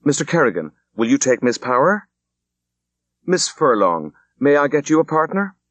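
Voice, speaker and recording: A man voicing a brisk young woman who hosts a dance, coaxing her guests quickly and brightly. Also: mid-range voice, big pitch swings, dry recording, pitched above the performer's own voice. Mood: eager.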